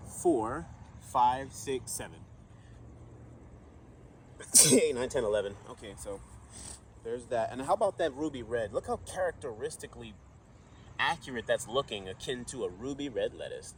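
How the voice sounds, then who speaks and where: A man's voice: medium pitch, big pitch swings, normal speed, slight background noise. A man casually narrating a garden vlog outdoors, chatty and counting plants aloud as he goes. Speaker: vlogger gardener.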